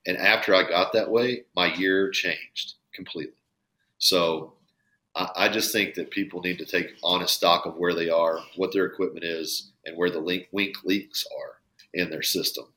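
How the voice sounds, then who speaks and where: Man, low pitch, bright forceful tone, earnest emphatic podcast talk. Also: fairly even intonation, moderate pace. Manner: earnest, emphatic, profane at times. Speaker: podcast guest, bowhunter.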